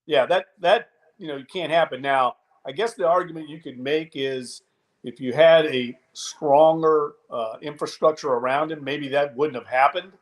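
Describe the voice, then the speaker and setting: Man breaking down football, measured. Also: on the high side. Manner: measured, analytical, frequent restarts. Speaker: podcast co-host. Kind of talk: casual sports talk.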